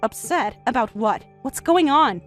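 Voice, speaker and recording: Woman voicing a shrill, defensive middle-aged mother. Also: expressive, measured pace, soft background music. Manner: shrill, insistent, raised voice.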